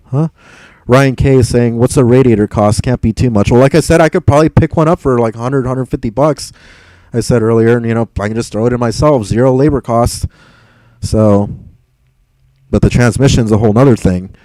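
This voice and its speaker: A young man talks casually on a livestream, rambling and exasperated as he reads comments. His voice is mellow and dark in tone, recorded close and dry with no room sound. He swears freely and laughs between thoughts. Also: medium pitch, moderate pace, dry recording, poor audio. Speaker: livestream host reading chat.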